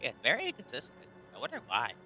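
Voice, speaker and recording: Tabletop player, bright clear voice with lively pitch, casual chatty delivery. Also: male voice, quick pace, faint music behind. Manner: casual and chatty, many fillers. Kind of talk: casual tabletop game talk.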